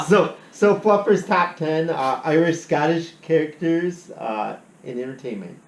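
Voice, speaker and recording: A man's voice: on the high side, lively intonation, measured pace, reverberant, low-quality recording. A man hosting a podcast in casual chat, rambling with many restarts and frequent laughs. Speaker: podcast host.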